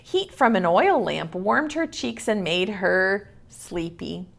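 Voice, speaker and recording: A woman's voice: medium pitch, lively intonation, slow, creaky. A woman preschool teacher in an online video class, reading a picture book aloud expressively and asking the children questions.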